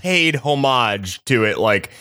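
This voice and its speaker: A man hosting a casual podcast chat, cracking quick jokes. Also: mid-range voice, expressive, sharp tone, smooth. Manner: joking, quick quips. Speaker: podcast host.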